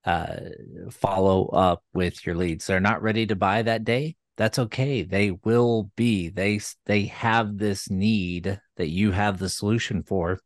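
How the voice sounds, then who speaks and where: A man co-hosting a show for gym owners, talking in a relaxed, agreeable way and retelling calls with clients. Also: lowish voice, measured pace, dry recording, studio quality. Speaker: co-host, gym follow-up coach. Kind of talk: casual chat.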